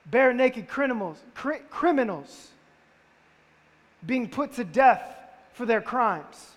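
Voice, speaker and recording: High-voiced male preacher in a reverberant hall. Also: expressive, slow pace. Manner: conversational preaching with rhetorical questions. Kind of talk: sermon. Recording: long reverb of a large hall.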